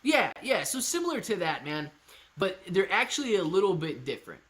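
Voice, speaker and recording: A man hosting a live stream, answering viewer chat in a casual, energetic and hyped way, calling people man and dude. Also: sits high, brisk. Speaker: livestream host answering chat.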